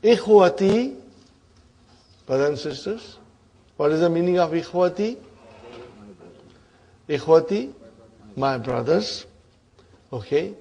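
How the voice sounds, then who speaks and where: Guy teaching arabic grammar, slow, kinda husky, keeps asking the class "huh?". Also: a little high, animated, warm tone, poor audio. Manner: quizzes students with repeated questions and "huh?".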